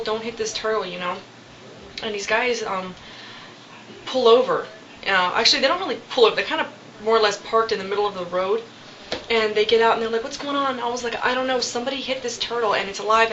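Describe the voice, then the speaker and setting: A woman's voice: medium pitch, slight background noise. Chatty young woman on lo-fi webcam. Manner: chatty, animated, many fillers and quoted asides. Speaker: vlogger. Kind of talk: casual storytelling vlog.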